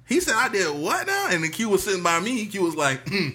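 A co-host in a relaxed chat show, cracking jokes and laughing through a retold story. The voice swings widely in pitch and has a bright, forceful edge. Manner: laughing, joking, quick interjections. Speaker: podcast co-host. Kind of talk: casual chat.

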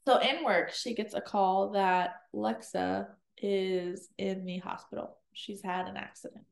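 Gravelly woman recapping a book. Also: medium pitch, steady tone, unhurried, reverberant. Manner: chatty, giggly, acts out quotes in silly voices. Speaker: podcast co-host explaining a book. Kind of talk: casual chat recapping a novel.

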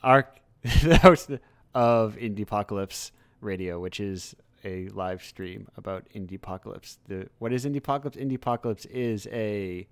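A man hosting a live stream interview, chatty and easily sidetracked, laughing often and correcting himself as he talks. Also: on the low side. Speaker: livestream host. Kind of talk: casual interview chat.

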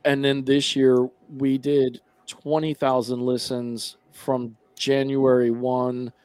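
A man's voice: medium pitch, flat delivery, slow, a little mellow, clear, resonant tone, dry recording. A man talking casually as a podcast guest, rambling with lots of fillers and restarts.

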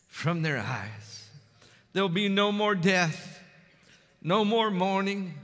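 Bright high-voiced pastor in a big hall. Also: male voice. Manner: emphatic, builds to loud climaxes, asks the crowd "amen?". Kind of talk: sermon. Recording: long hall reverb.

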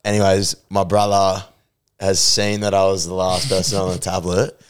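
A man's voice: low voice, completely flat delivery, normal speed, smooth. A young man telling a rambling story in a casual podcast chat, full of fillers and swearing. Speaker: podcast co-host.

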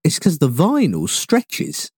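A man's voice: wildly swooping pitch, takes it slowly, darkish tone, slightly rough, no room sound, studio quality. A young man from England co-hosting a podcast, chatting casually and rambling with jokes and swearing. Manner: rambling, swearing, jokey with sudden pitch jumps. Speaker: podcast co-host. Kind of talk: casual chat.

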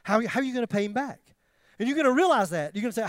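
High-voiced man preaching with swinging intensity. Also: very fast, no room sound, studio quality. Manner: animated, swings from loud emphatic questions to near-whispered tenderness; self-deprecating humor. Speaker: pastor. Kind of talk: sermon.

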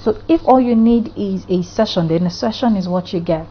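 A woman's voice: medium pitch, normal speed, highs cut off, slight background noise. A woman therapist from Africa speaking earnestly in a podcast monologue, piling up rhetorical questions.

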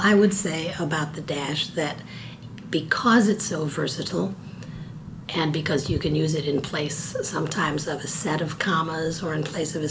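Older woman with a cold, low-voiced. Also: gravelly, noisy background. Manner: precise, thoughtful, given to wry jokes. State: stuffy from a cold. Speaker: guest, copy editor. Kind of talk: conversational interview.

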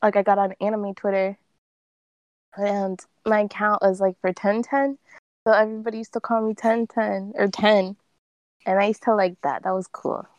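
Young woman host, chatty storyteller, mid-pitched voice, dry close sound. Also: normal speed, no room sound, dull audio. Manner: excitable storyteller, lots of fillers and restarts. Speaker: podcast co-host. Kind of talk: casual chat among friends.

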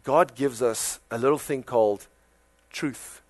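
A man with a South African accent preaching a sermon in a conversational, animated way, full of rhetorical questions. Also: mid-range voice, a little slow, no room sound, faint music behind. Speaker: pastor.

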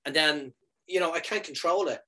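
A man in his thirties, a comedian chatting casually and telling animated stories, leaping up in pitch for quoted lines. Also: normal speed. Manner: animated storyteller, jumps high for quoted lines. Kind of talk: casual chat.

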